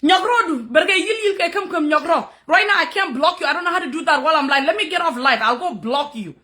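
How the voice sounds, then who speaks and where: A woman's voice: very high voice, animated, quick pace, sharp tone. A woman streaming live as a content creator, scolding commenters in a heated rant and switching between English and another language. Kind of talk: angry livestream rant at commenters.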